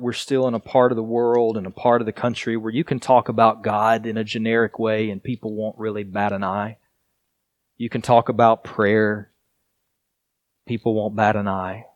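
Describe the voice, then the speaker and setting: A male pastor delivering a sermon in an earnest, deliberate way, leaning on repetition and pauses for emphasis. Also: on the low side, dry recording, clean studio sound.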